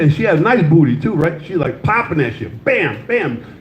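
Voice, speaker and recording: An expressive older man with a high-leaning, somewhat mellow voice keeps a moderate pace. In a comedy club he runs a crude, loose set of stories and audience banter, recorded with a roomy, slightly dull live sound.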